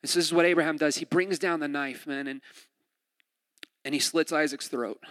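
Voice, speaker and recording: A man's voice: a little high, moderate pace. Joking, conversational male preacher in a hall. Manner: lively, conversational, joking storytelling. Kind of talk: sermon. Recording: long hall reverb.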